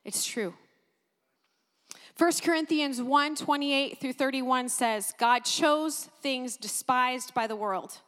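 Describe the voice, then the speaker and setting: Woman, sermon, high voice, emphatic repetition, reverberant space. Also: slow. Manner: animated, exclaims and repeats phrases for emphasis. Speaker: pastor.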